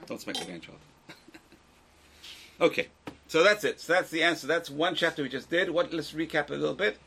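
An older man teaching a religious class, lecturing a small group in an animated way with restarts and asides. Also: a little high, brisk, vocal fry, a little hiss or hum.

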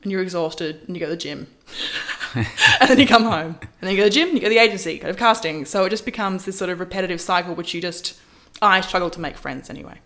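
Chatty woman telling a story. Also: fast. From Australia. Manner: lively, acts out quoted lines with big pitch jumps and laughs. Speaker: model, interview guest. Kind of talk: casual storytelling.

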